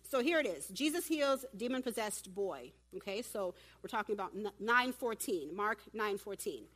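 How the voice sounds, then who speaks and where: A woman preaching at a church women's event, animated and humorous, talking directly to her audience. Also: mid-range voice, normal speed. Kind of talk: sermon.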